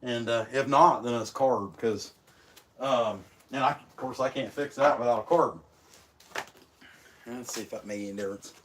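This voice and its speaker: Folksy man, slightly rough voice from illness, rambling livestream host talking while he works. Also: medium pitch, moderate pace, pauses often, fairly bright tone, slight background noise. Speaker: chainsaw carver hosting a livestream. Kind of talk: casual livestream chat while working.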